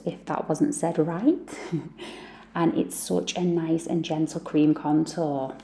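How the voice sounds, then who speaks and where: Gravelly, low-voiced woman chatting makeup. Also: mellow. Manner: chatty and self-deprecating. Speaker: beauty vlogger, mum. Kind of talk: makeup tutorial chat.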